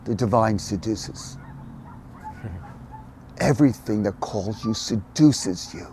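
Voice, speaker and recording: An older man speaking as a podcast guest, telling stories animatedly, dropping to soft murmurs and rising to loud emphatic bursts. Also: fairly low pitch, slow pace, slight background noise. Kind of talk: conversational storytelling.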